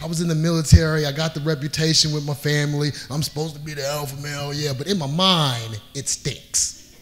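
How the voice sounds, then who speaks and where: A middle-aged man telling a funny personal story on stage, acting out the scenes and getting louder as the story turns to panic. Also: on the high side, a little fast, faint music behind. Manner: animated, acts out scenes, voice rises when panicked. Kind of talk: live comedic storytelling.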